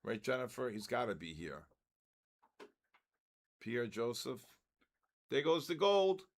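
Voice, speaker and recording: Calling out usernames auctioneer-style on his live trading stream, an older man loudly shouts "next" between them. His medium-pitched voice is sing-song and he takes it slowly.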